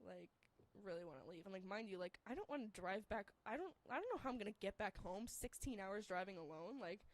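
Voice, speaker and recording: A young woman telling a story in casual chat, rambling with many fillers and turning shrill and laughing when excited. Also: fast, dry recording.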